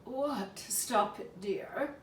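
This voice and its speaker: A prim mother squirrel speaks calmly in a slightly husky squeak, lower than her children, as a woman reading a storybook puts her on. It is heard from afar in an echoey room. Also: extremely slow, recorded from a distance, slight background noise. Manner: calm, correcting.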